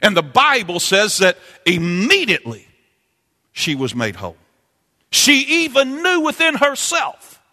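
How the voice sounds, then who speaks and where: A man preaching a sermon, impassioned and repetitive, climbing into sung, chanting peaks before dropping low. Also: wildly swooping pitch, measured pace, bright, forceful tone. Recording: long hall reverb.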